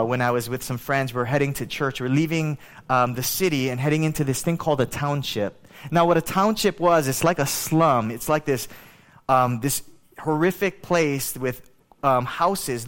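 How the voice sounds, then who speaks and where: A man preaching a sermon, telling a story in a chatty, animated way with many fillers. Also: fairly high pitch. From Hawaii. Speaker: pastor.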